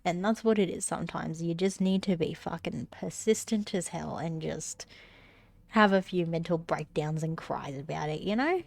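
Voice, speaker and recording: A woman's voice: fairly low pitch, moderate pace, gravelly, darkish tone. A congested woman chatting casually on her live stream, rambling and swearing now and then. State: slightly out of breath.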